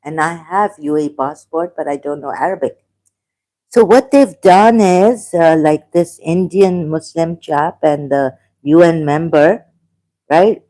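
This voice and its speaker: A woman from Pakistan hosting a livestream, reading viewer comments and reacting with halting speech, many fillers and restarts, and shocked exclamations. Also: deep voice, mellow. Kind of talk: casual livestream talk.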